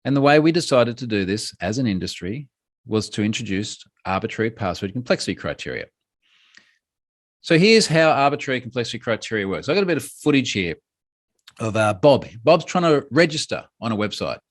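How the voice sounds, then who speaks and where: A man giving a conference talk, lively and humorous, with quick asides. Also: mid-range voice. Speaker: speaker giving a talk on password security.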